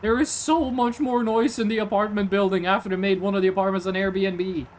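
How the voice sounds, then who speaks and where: A man's voice: high-pitched, steady tone, fairly quick, slight background noise. A young man, streaming casually in a rambling, jokey way and answering chat. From Norway.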